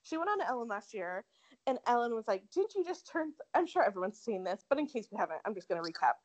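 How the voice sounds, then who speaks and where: A woman's voice: medium pitch, big pitch swings, quick pace, no room sound, poor audio. A young woman casually chatting as a podcast co-host, telling a story with lots of "like" and acting out quotes. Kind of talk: casual chat.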